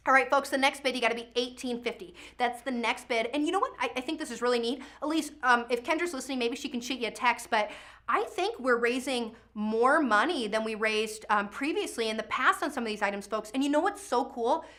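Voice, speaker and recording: A woman with a high, bright, sharp voice hosts a charity auction from a studio. She talks fast and chatty, cheering on bidders by name and pushing the next bid. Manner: energetic, chatty, calls out bidders' names. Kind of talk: live virtual auction calling.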